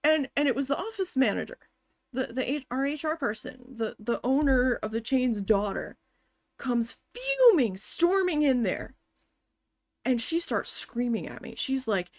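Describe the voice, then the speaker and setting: A woman streamer chats casually while she plays, spinning a long personal story full of swearing. Her voice sits a little high and sounds close and dry, with no room around it. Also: measured pace, no room sound. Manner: profane, animated storytelling.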